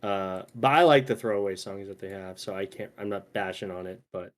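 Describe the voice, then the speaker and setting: A man's voice: sits low, a little fast. A man co-hosting a podcast, chatting casually and rambling with restarts. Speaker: podcast co-host. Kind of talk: casual chat.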